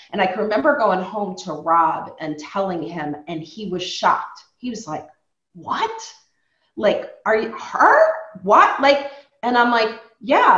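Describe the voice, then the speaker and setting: A woman's voice: medium pitch, a bit bright, echoey room, dull audio. A woman from New York hosting a podcast, telling stories in casual conversation and acting out the people she quotes. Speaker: podcast host.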